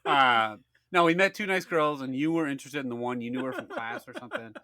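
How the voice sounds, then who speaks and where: A man in his thirties co-hosts a podcast, speaking quickly in a mid-range voice that sounds pushed and bright. He tells a story in a rambling, casual manner, full of fillers like "like" and acted-out quotes.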